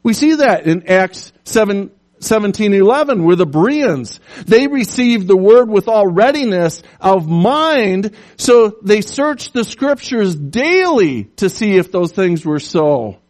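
A man preaching a sermon, animated, telling stories and putting on voices for the characters in them. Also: high voice, slow. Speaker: pastor.

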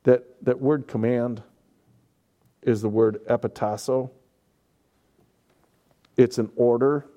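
A man's voice: mid-range voice, fairly even intonation, slow, long pauses, dark tone, lo-fi sound. A man preaching a sermon, explaining scripture and pressing points home with emphatic, repeated words. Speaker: pastor.

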